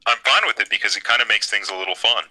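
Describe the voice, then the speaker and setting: A man's voice: fairly low pitch, very fast, pushed and bright, low-quality recording. A young man hosting a casual podcast chat, enthusiastic and upbeat, steering the talk.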